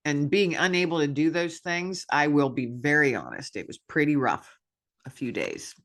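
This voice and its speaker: A woman's voice: deep voice, animated, moderate pace, fairly bright tone. A woman podcast host talking candidly in a personal reflection monologue, self-deprecating and upbeat.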